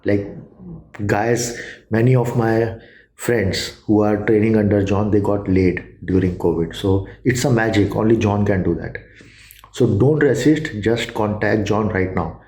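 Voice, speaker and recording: A man with an Indian accent giving a casual testimonial, halting with many fillers and restarts. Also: fairly low pitch, dark tone, roomy sound.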